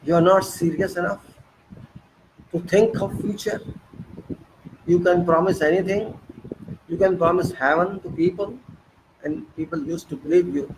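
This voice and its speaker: A man's voice: high voice, moderate pace, pauses often, noisy background. Indignant Indian-accented man asking rhetorical questions. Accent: Indian English. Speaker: political commentator. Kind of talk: impassioned monologue.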